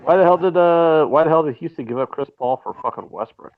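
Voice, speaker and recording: A man's voice: on the high side, lively intonation, quick pace. A man co-hosting a casual sports betting chat, sarcastic and profane, ranting with heavy swearing over a remote call. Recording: tinny phone-like line, faint noise.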